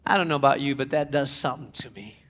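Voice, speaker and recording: A male pastor preaching a sermon with dramatic storytelling, swinging from loud declarations to hushed asides. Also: mid-range voice, fast.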